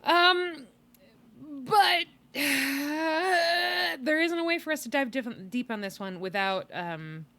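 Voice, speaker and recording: A wry woman hosts a casual podcast, her voice pitched a little higher than most. She sounds tired and wanders through her points, with sighs and laughs along the way. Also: lively intonation, takes it slowly, pushed and bright, no room sound. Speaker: podcast host. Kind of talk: casual chat.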